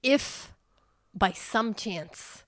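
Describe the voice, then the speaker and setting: Chatty woman storyteller, higher voice, dry close sound, lots of "like". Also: very slow, no room sound. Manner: animated, laughs often, says "like" a lot. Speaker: storyteller in a chat. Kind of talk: casual chat.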